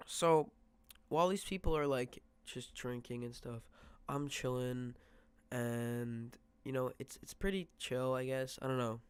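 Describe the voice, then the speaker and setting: A man's voice: mid-range voice, steady tone, moderate pace, clear, resonant tone. A young man telling a rambling storytime, full of fillers and quoted asides, sometimes dropping to a whisper. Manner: drops to a whisper for quoted thoughts. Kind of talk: casual storytime vlog.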